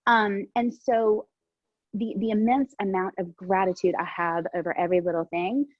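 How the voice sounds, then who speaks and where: An earnest woman in her forties talks over a video call with a husky, slightly breathy voice. The sound is dry and dull, like lo-fi call audio. She often laughs lightly and fills her pauses with ums. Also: mid-range voice, flat delivery, dry recording. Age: 40s. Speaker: panelist. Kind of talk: casual video call discussion.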